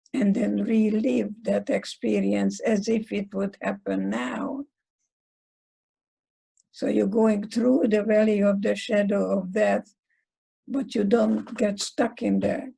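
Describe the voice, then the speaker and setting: An elderly woman speaks slowly and deliberately, her voice gravelly with deep fry and heavily husky. She is a psychologist giving a talk, whose first language is Hungarian, and she weaves stories into short sayings. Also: warm tone, low-quality recording. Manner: slow, deliberate storytelling with aphorisms.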